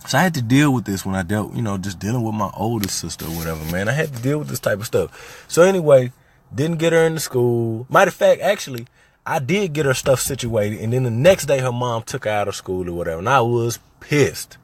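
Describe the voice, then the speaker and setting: A man's voice: medium pitch, expressive, a little fast, husky, dry recording. A man in his thirties from Little Rock, Arkansas, hosting a podcast in a loose, conversational storytelling style that gets heated and emphatic. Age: 30s. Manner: loose and conversational, turns heated and emphatic when recounting frustrations. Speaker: podcast host. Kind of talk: casual storytelling monologue.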